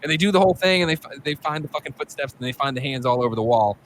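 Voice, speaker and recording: Fast, bright-voiced man animatedly recapping. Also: mid-range voice, slight background noise, rough recording. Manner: animated, profane storytelling with acted-out quotes. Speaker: podcast host. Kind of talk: casual movie recap chat.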